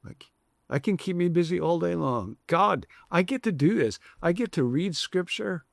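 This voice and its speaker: Male pastor, gravelly voice, mid pitch, conversational reflective sermon, dry sound. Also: expressive, normal speed, no echo. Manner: reflective, conversational preaching with varied emphasis.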